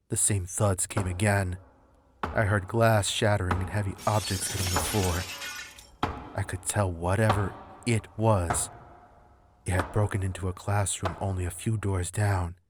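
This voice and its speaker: A man narrating a horror story in a steady, suspenseful way. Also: sits low, noisy background. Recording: loud background music.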